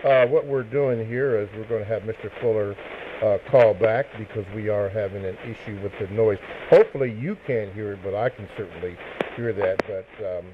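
A man hosting a live radio interview, speaking hesitantly with frequent pauses and fillers. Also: lowish voice, a little hiss or hum. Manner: hesitant, with many fillers and restarts. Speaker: radio host. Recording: narrow radio broadcast sound.

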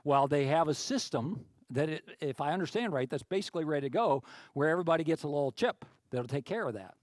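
A man's voice: on the high side, lively intonation, fast, dry recording. A man preaching a sermon as pastor, talking in a conversational way with many restarts and climbing to emphatic peaks.

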